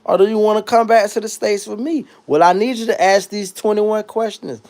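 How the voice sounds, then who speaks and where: A man hosts a livestream, reading chat comments aloud and riffing in a loose comedic rant that lurches between loud, high bursts and low mutters. His intonation stays fairly even overall, and he talks a little fast.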